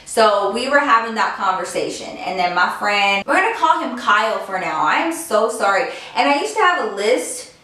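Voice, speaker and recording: A woman's voice: mid-range voice, animated, normal speed, few pauses, sharp tone. Chatty woman in a very echoey room. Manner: chatty, lots of filler "like", casual swearing. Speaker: vlogger. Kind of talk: casual storytelling. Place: home office. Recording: very echoey room, voice far from mic.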